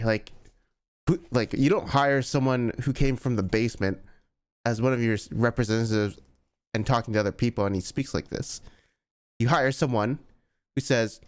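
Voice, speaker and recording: A man giving casual, blunt reaction commentary as a gaming YouTuber, with lots of "like" and exasperated asides. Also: mid-range voice.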